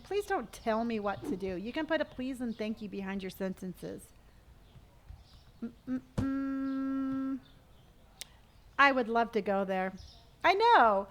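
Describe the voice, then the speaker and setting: A woman's voice: mid-range voice, expressive, moderate pace, slight background noise. A middle-aged woman chatting casually on a live stream while she plays, reading viewer comments aloud and humming to herself. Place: at home.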